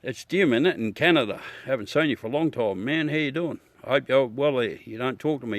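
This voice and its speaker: A man's voice: medium pitch, a little fast, few pauses, no echo. A middle-aged Australian man hosting a livestream, chatting casually with viewers, laughing, joking and swearing as he talks. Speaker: livestream host. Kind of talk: casual chat with live viewers.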